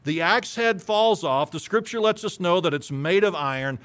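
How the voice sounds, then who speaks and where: A man's voice: high voice, moderate pace, a bit bright. A man preaching a sermon, reading scripture aloud and retelling it with emphatic storytelling.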